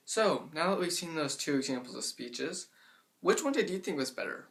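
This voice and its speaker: A young man talks casually to the camera, explaining a speaking tip. His delivery leans toward a monotone, and he relaxes into fillers like "I mean" and "like" as he goes. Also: fairly high pitch, normal speed, creaky. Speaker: vlogger giving tips. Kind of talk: casual educational vlog.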